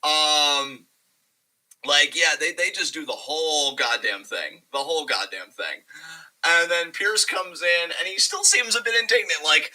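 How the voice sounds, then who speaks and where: A man in a casual podcast chat about wrestling. His voice is very bright and cutting, and it sits a bit high for a man. He rambles, swears freely and gets animated as he goes. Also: a little slow, poor audio. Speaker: podcast co-host.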